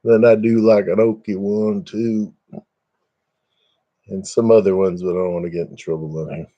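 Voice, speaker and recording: A man's voice: fairly low pitch, steady tone, moderate pace, muffled recording. An older man chatting casually on a webcam live stream at home, rambling and self-deprecating, chuckling often.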